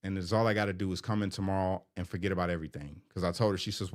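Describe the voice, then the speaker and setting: Middle-aged man, low voice, confessional vlog delivery, candid and emotional. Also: fairly even intonation, rapid-fire. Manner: candid, emotional, rambling with fillers. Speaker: vlogger. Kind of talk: personal vlog, confessional storytelling.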